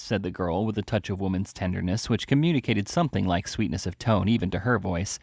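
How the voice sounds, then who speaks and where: A man reading a classic novel aloud in a measured way, with the odd slip and self-correction. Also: low-pitched, a little mellow, dry recording, clean studio sound. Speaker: reader. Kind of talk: audiobook narration.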